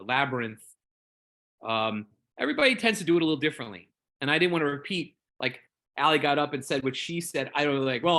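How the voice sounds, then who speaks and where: A man's voice: mid-range voice, pushed and bright. A man in a casual group discussion, telling a story in a rambling, earnest, openly emotional way, often repeating words while he searches for them. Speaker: Jedi community member.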